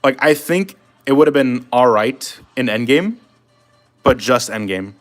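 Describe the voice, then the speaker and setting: A man talking loosely on a live stream. He keeps up a rambling, chatty flow as he reacts to viewer comments. His voice sits at an ordinary middle pitch. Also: expressive, unhurried, a bit bright, faint music behind. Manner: loose and chatty, talking to chat while drawing. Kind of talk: casual live stream chat.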